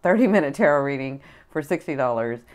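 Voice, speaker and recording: A woman's voice: rumbling low, lively intonation, brisk, darkish tone. A middle-aged woman tarot reader and spiritual advisor chatting casually to her viewers, effusive and repetitive, full of fillers. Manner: effusive, repeats herself, many fillers. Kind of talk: casual tarot chat to camera.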